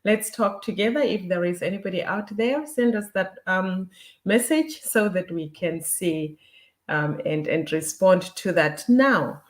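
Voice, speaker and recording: A woman's voice: fairly low pitch, unhurried. Woman co-host posing questions. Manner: steady, prompting questions. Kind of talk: talk show presenting.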